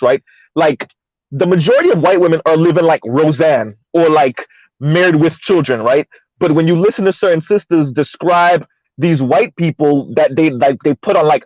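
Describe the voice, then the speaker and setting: A man's voice: fairly high pitch, darkish tone, no room sound. A man speaking on an online panel discussion, making long emphatic points full of restarts, over slightly muffled call audio. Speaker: podcast panelist.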